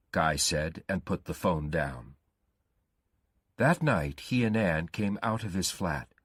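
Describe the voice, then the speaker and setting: A male storyteller narrating a graded-reader story slowly and carefully. His voice is deep and husky, with a lively rise and fall. The recording is close and dry. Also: no room sound. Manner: slow, careful reading.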